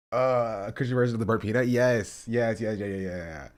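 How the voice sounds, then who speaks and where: A man's voice: medium pitch, takes it slowly, long pauses. A man hosting a casual reaction stream, rambling and amused as he talks to his chat.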